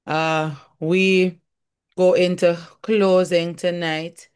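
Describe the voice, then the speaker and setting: A woman's voice: on the low side, level tone, very slow, smooth. A woman leading an online prayer meeting, affirming each speaker and calling on the next.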